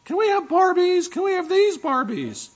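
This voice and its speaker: A man voicing an excited seven-year-old girl who begs for dolls, her voice shrill and insistent. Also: normal speed, highs cut off. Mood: pleading. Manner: shrill, insistent, pitch climbing.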